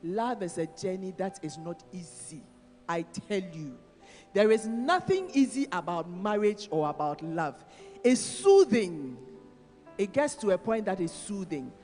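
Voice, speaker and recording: This conference sermon comes from a woman with a Ghanaian accent who teases people in the audience and calls them out by name. She has a mid-range, darkish voice with big pitch swings at a measured pace, recorded in a church hall with long reverb and faint music.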